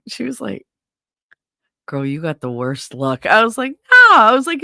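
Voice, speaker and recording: A woman's voice: fairly high pitch, sing-song, moderate pace, creaky, pushed and bright, dry recording, studio quality. A middle-aged woman hosting a casual livestream, telling a story with laughter, swearing and acted-out quotes. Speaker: livestream host. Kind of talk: casual storytelling chat with viewers.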